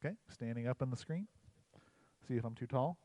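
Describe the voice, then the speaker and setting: A man's voice: mid-range voice, brisk, warm tone, dull audio. A man on a church livestream casually telling a hunting story and a joke, rambling and chatty. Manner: rambling, uses "like" often, chatty.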